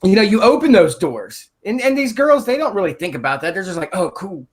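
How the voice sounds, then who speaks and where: A man's voice: high voice, big pitch swings, fairly quick. A man guesting on a podcast, talking casually and bluntly, swearing freely. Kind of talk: casual conversation.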